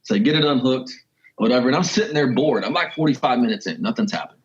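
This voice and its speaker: A man, a wildlife photographer and journalist, telling a story as a podcast guest in a lively, animated way. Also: quick pace, dull audio, slight background noise. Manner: animated, with sudden jumps in pitch and pace. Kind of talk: casual storytelling.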